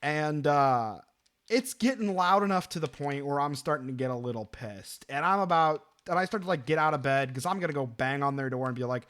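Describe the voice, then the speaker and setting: A man in his twenties casually telling a story, animated and profane, rambling with lots of fillers. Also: fairly high pitch, brisk.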